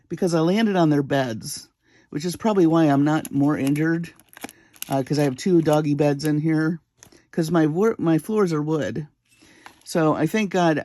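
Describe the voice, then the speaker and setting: A woman crafter tells a story from her home bead room in the small hours, talking slowly and at an easy pace. She pokes fun at herself and keeps breaking into laughter. Her voice sounds close and dry, with no room echo. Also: low-pitched, warm tone. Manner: chatty, self-deprecating, often breaks into laughter. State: awake at three in the morning. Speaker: jewelry-making channel host. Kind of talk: casual vlog storytelling.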